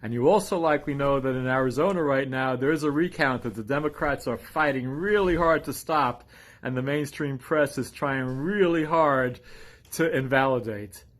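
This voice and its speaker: Regular-voiced guy doing a quick jokey shout-out video, laid back. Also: medium pitch. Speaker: donor giving a video message. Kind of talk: casual recorded shout-out.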